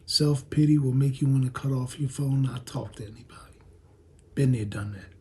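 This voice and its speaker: A man preaching a sermon at a midweek Bible study, swinging between raised, rhythmic preaching and a hushed near-whisper. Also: mid-range voice, moderate pace, slight background noise. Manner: repetitive, rhythmic phrasing. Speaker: pastor.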